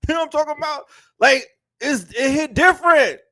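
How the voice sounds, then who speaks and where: A man hosts an online talk in an animated, lecture-like style, his voice very high, brisk, pushed and bright. He speaks emphatically, leaning on slang and repeating himself a lot.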